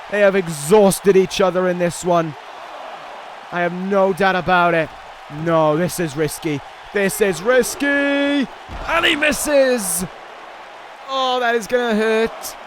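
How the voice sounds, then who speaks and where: A man giving excitable play-by-play commentary on a wrestling video game, pleading and shouting at the action. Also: high voice, poor audio. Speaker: YouTube gaming commentator. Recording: loud game crowd and noise behind voice. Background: video game crowd noise.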